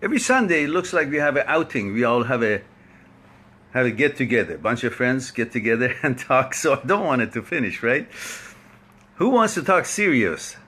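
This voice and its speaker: A man's voice: mid-range voice, expressive, normal speed, sharp tone. A man hosting a live online talk, chatting and laughing as he greets viewers by name before starting his topic. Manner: chatty, laughs often, rambling.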